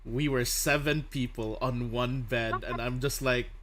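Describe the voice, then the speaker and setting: Bright-voiced young man, laughing storyteller. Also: mid-range voice, a little slow. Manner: laughs often, animated storytelling with voiced quotes. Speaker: streamer host. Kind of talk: casual chat while drawing.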